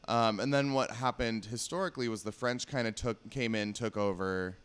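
A man's voice: lowish voice, moderate pace, a bit bright, smooth. A man with a Pacific Northwest American accent, a podcast guest chatting casually and rambling through a nerdy explanation with lots of "um"s. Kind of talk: casual chat.

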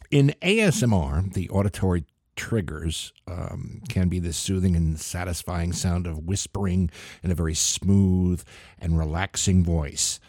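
A man hosting a radio comedy show, delivering a wry, scripted monologue with deadpan asides. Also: low-pitched, dry recording, clean studio sound. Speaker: comedy podcast host.

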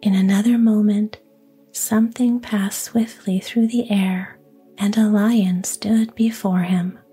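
Woman whispering a fairy tale slowly. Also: mid-range voice, steady tone, mellow, slightly rough, faint music behind. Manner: whispers throughout. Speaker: storyteller.

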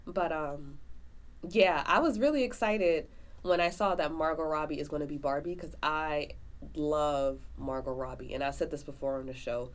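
Woman co-host, slightly low voice; casual, animated movie-review chatter. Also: moderate pace, a little hiss or hum. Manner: chatty, animated, lots of fillers. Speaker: podcast co-host.

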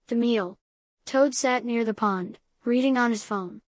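A woman narrating a storybook aloud in a calm, deadpan way. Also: on the high side, a little slow, no echo.

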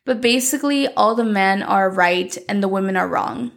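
A woman's voice: medium pitch, moderate pace, vocal fry. A woman recapping a telenovela in a chatty, opinionated way, full of "like". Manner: chatty, opinionated, uses "like" a lot. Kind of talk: casual recap.

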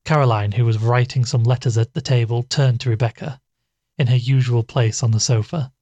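A man narrating a classic ghost story in a measured storytelling manner. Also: mid-range voice, steady tone, darkish tone, no echo, dull audio.

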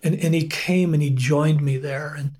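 A middle-aged male pastor telling his personal testimony as an interview guest, earnest and unhurried, with frequent pauses. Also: a little high, steady tone, darkish tone.

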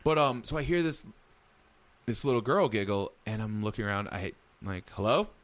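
A man with a somewhat low voice tells a story in relaxed conversation. He talks animatedly, and his voice jumps up whenever he acts out what someone said. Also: normal speed. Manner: animated storyteller acting out quoted dialogue. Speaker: storyteller recounting a ghost encounter. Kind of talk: casual chat.

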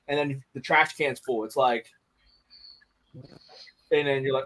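A man's voice: fairly high pitch, a little fast, a bit bright, rough recording. A man chatting candidly on a podcast, swearing freely and restarting his sentences as he thinks. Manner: candid and profane, repeats words while thinking. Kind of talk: casual podcast chat.

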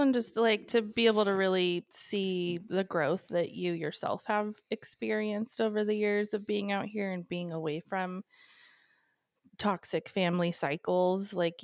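A woman's voice: mid-range voice, dry recording, clean studio sound. A woman co-hosting a podcast, talking in a supportive, reflective, reassuring way. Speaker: podcast co-host. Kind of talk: casual chat.

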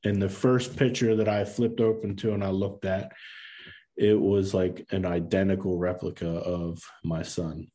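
A man's voice: low-pitched, level tone, measured pace, warm tone. A man in his thirties, a podcast guest, telling a personal story in earnest casual talk, acting out quoted lines and using many fillers.

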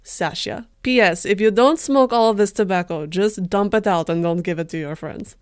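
A woman's voice: mid-range voice, moderate pace, dry recording, natural voice. Woman playing a cheeky male hiker, put-on Russian accent, smug and mock-earnest, dry close sound.

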